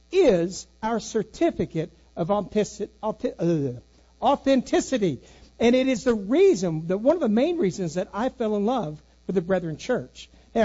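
A man's voice: high-pitched, dark tone, muffled recording. A man preaching as a pastor, telling a personal story and asking the congregation questions in a folksy way. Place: church sanctuary.

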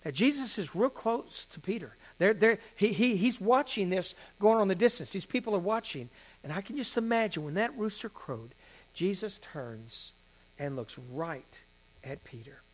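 Man, pastor, dramatic sermon, fairly high voice, hushed to emphatic. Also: lively intonation, normal speed.

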